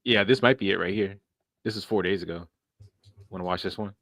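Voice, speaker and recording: A man's voice: sits low, brisk, fairly bright tone, no room sound. A man co-hosting a casual podcast chat, teasing and joking with the host.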